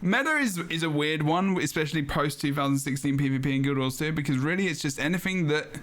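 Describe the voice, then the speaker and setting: A man's voice: fairly high pitch, expressive, fast, a bit bright. Rambling man hosting a podcast. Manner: rambling, thinks aloud with fillers and restarts. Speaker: podcast host. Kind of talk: casual gaming podcast chat.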